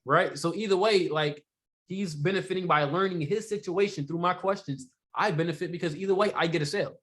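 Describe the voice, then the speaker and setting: A man with a somewhat high voice leads a sales training session. His delivery is loose and chatty, full of "you know" and quick rhetorical check-ins with the group. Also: a bit bright. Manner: conversational, rhetorical questions, many "you know" fillers. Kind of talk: casual sales training talk.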